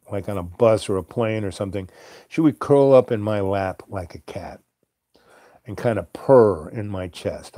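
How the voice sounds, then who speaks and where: A man hosting a show, telling a meandering late-night story with many fillers and soft chuckles. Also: lowish voice, no echo, clean studio sound. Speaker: host.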